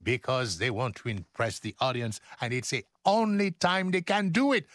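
An older man who was a radio broadcaster, talking in a casual interview in an animated, playful, joking way. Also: medium pitch, moderate pace, hardly any pauses, no room sound, clean studio sound. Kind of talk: casual chat.

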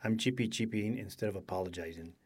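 A man's voice: lowish voice, quick pace, slightly rough. A man doing sheepish young boyfriend Boy. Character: young man driving, sheepish and eager to please.

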